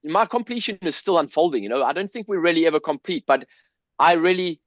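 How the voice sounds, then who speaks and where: A man's voice: fairly high pitch, lively intonation, fast talker, dry recording. A South African man in his fifties, telling personal stories as a podcast guest, earnest and emotional, with many restarts and some swearing. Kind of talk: candid personal storytelling. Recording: dull, dry lo-fi sound.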